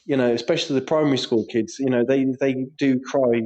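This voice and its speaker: A man co-hosting a casual football podcast, telling animated stories with lots of laughter and swearing. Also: mid-range voice, a little fast. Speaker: podcast co-host; primary school teacher.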